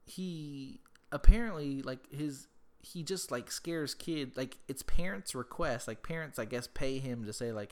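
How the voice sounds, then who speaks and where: A man's voice: mid-range voice, a little slow. A man from Texas telling a loose, rambling story about his daughter and swearing freely. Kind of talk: casual storytelling.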